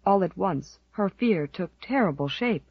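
A woman narrating an audiobook with expressive, dramatic storytelling. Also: lowish voice, a little slow, breathy edge, no room sound, lo-fi sound. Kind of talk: scripted narration.

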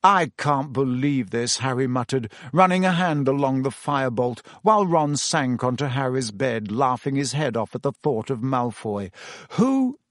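A man reading a storybook aloud as narrator, telling it in a steady, measured way on a close mic. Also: medium pitch, dry recording. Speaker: audiobook narrator. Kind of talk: scripted narration.

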